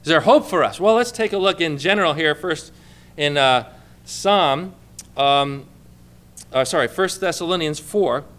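A man's voice: a little high, measured pace, a bit bright. A man preaching a sermon to a congregation in a church, in a conversational way, asking many questions and calling for amens. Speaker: pastor.

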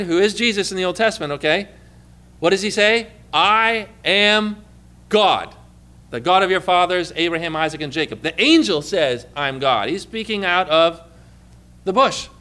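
Bright high-voiced male preacher. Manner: asks the congregation questions and prompts answers; reads scripture aloud with emphatic stress. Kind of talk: sermon.

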